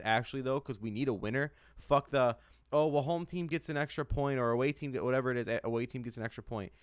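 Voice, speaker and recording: A podcast co-host from the United States, with a medium-pitched, smooth, slightly bright voice, is captured on a dry, studio-quality recording. He's heated, ranting about sports while swearing heavily and repeating himself often.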